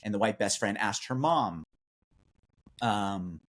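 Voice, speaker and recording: A man co-hosting a talk show, thoughtfully recounting stories from guests in a conversational way. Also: takes it slowly. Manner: thoughtful, recounts guest stories, pitch jumps when animated. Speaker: podcast co-host. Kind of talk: conversational discussion.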